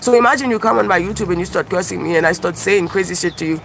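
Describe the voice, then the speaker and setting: A man live-streaming outdoors by a busy street, rambling through a profane, animated monologue and laughing at his own jokes. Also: sits high, very fast, vocal fry. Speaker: YouTube livestreamer and self-described comedian. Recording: outdoor street traffic noise. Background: passing cars and birdsong.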